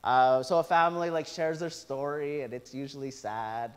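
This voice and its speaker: A middle-aged male pastor preaching a sermon, telling stories with lively quoted asides. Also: medium pitch, normal speed, clear, resonant tone. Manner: animated storytelling with quoted asides.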